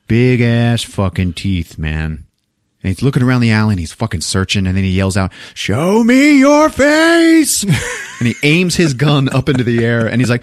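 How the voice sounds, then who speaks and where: A man's voice: mid-range voice, dry recording, clean studio sound. A man co-hosting a podcast, retelling a movie scene by scene in casual chat, swearing freely and acting out the characters' lines. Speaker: podcast co-host recapping a movie.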